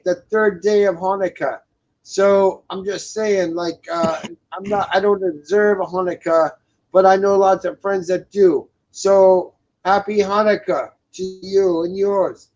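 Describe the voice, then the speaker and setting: A man co-hosting a casual talk show, ranting in crude, profane language and repeating himself with many fillers. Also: sits high. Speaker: co-host. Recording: dull lo-fi sound.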